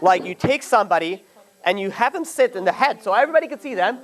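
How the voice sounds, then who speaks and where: Fast-talking, exasperated man on a panel. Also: high voice. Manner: animated, rambling, with many restarts and exasperated asides. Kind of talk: casual religious panel discussion.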